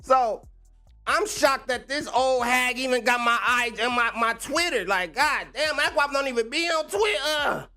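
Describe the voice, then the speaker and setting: A man's voice: extremely high pitch, measured pace, bright, forceful tone, soft background music. A young man, ranting casually on a livestream, slangy and laughing often. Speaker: livestream host.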